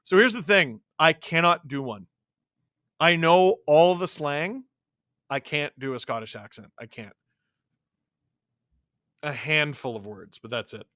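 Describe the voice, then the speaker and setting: A male host watching a hockey game live, calling the plays, reacting loudly and reading out chat messages. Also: fairly high pitch, a little slow, long pauses, no room sound, studio quality. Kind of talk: live watch-along commentary and chat replies.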